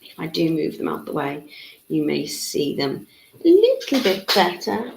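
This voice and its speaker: A woman's voice: low voice, huge pitch swings, unhurried, creaky, slight background noise. A woman, teaching a live beading tutorial in a chatty way, with frequent ums. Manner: chatty, reads out viewer comments, frequent ums. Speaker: jewellery-making tutor. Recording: echoey room.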